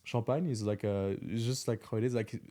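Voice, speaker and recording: A man's voice: fairly low pitch, fairly even intonation, a little fast, mellow. A young man from France with a French accent, chatting as a podcast guest, full of fillers and searching for English words. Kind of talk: casual chat.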